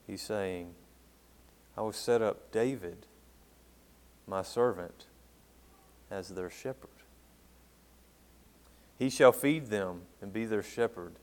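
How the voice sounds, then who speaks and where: Emphatic preacher man, lowish voice. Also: slow, long pauses. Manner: emphatic, swells loud on key words and drops low at phrase ends; asks the congregation questions. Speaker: pastor. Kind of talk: sermon with scripture reading.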